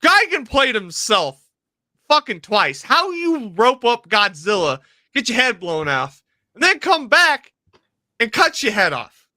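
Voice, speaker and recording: A man co-hosting a casual podcast, telling stories in an animated, profane way. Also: extremely high pitch, measured pace, no room sound, studio quality. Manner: animated storyteller, profane, laughs often. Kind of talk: casual chat.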